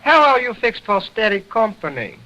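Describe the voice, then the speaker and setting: A man's voice: sits high, big pitch swings, moderate pace, sharp tone, pitched above the performer's own voice, full character voice, poor audio. A man doing a cheeky ventriloquist's dummy. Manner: fresh, wisecracking. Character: cheeky wooden ventriloquist's dummy, young male.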